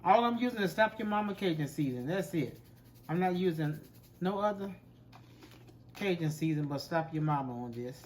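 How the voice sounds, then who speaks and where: A man's voice: on the high side, lively intonation, normal speed, a little mellow. Guy talking through a recipe, easygoing, bit of hiss in the background. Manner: chatty and folksy, talks while working. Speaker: home cooking show host. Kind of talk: casual cooking demonstration.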